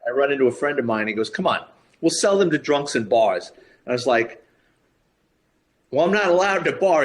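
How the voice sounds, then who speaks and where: A man's voice: on the high side, a little hiss or hum. A man in his fifties, a retired police officer, telling stories as a podcast guest and acting out the voices of the people in them. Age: 50s. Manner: lively storyteller acting out quoted voices, chuckling as he talks. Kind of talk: anecdotal storytelling.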